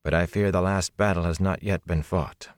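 A man voicing a calm, stern woman sorceress in an audiobook, speaking in a measured, flat way. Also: sits low, no echo, studio quality, natural voice. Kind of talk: audiobook character voice.

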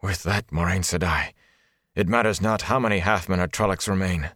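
A man's voice: low-pitched, animated, moderate pace, no room sound, studio quality. A man reading a proud, grave border lord. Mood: earnest. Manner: formal and earnest.

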